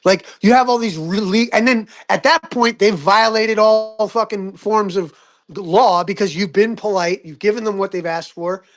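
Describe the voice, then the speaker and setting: A man leading a casual group discussion, talking emphatically in quick bursts and swearing freely. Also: high voice.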